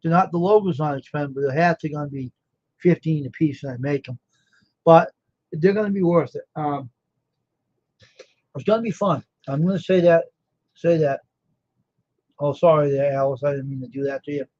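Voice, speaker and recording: A man's voice: fairly high pitch, normal speed, long pauses, a little mellow, muffled recording. Tired, rambling man on a livestream. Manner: rambling, self-assured, talks to chat viewers by name. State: tired and yawning. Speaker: livestream host, screen printer. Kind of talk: casual livestream chat with viewers.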